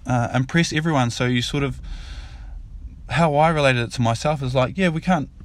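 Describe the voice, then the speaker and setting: A man's voice: medium pitch, moderate pace. A man, a father casually telling a fable and its lesson in a loose, rambling way. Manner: rambling, repeats himself, loose and informal. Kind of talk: casual spoken storytelling.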